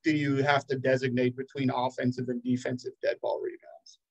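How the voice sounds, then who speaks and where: A man's voice: medium pitch, flat delivery, fairly quick, breathy edge, highs cut off. A man in a webinar Q&A who speaks directly and corrects misunderstandings.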